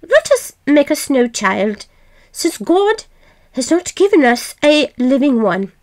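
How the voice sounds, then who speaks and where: A woman voicing a loving old peasant wife, speaking brightly and fondly. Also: high voice, very animated, slow, heavily acted. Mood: warm. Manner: bright, eager, fond.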